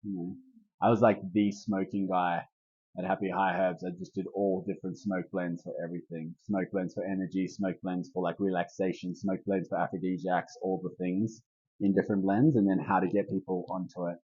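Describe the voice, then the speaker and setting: A man with a low, husky voice gives a loose, rambling herbal workshop talk, full of fillers. The sound is dull and muffled. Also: flat delivery, normal speed, a little mellow. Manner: laid-back, rambling, lots of "like". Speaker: herbalist leading a group talk.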